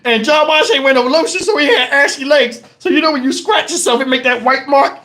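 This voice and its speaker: A man hosting his channel, telling profane stories to viewers in a casual, animated way and breaking into laughter. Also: very high voice, fairly quick. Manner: talks straight to the audience with questions. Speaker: channel host telling stories to a live chat.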